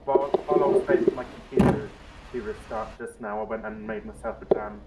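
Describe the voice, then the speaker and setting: A man's voice: mid-range voice, big pitch swings, quick pace, a loud crowd, low-quality recording. A man from the West Country with a slight local twang, chatting wryly in a gaming voice call. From West Country of England. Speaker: convoy member in voice chat. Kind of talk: casual gaming chat. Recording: voice chat with clear background hiss.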